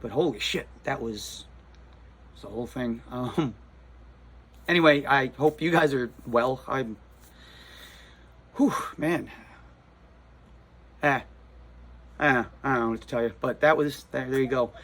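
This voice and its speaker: Rattled, husky New Jersey man retelling a clash. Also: medium pitch, a little slow, long pauses, fairly bright tone. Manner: rambling, rattled retelling with frequent restarts. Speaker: comic shop owner. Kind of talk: casual storytelling vlog.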